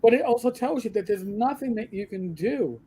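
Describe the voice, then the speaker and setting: A man's voice: very high voice, animated, normal speed, mellow, slight background noise. A man in his fifties hosting a gaming talk livestream, blunt and profane, sharing strong opinions in casual chat. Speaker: livestream host and gaming news blogger.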